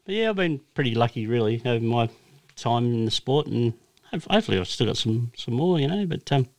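A man's voice: mid-range voice, animated, fairly quick. Australian male racer, casual anecdotal storyteller, chatty and loose. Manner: rambling anecdotal storyteller, many fillers and restarts. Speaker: racing driver guest. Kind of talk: casual podcast chat.

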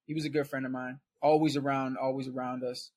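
A man's voice: medium pitch, flat delivery, fast, darkish tone, breathy edge. A man guest on a podcast, telling his story in a casual, conversational way and checking in with "right?".

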